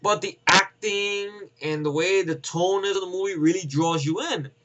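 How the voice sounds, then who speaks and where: A man giving a casual, rambling film review, profane and excitable, acting out scenes with voices. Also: sits high, moderate pace, highs cut off. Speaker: movie reviewer.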